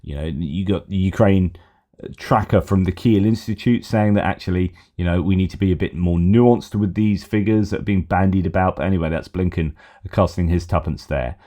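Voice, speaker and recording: A man's voice: low-pitched, normal speed, dark tone. A middle-aged man from Britain hosting a news update, rambling and correcting himself as he thinks aloud. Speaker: host of a war news channel. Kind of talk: casual news commentary.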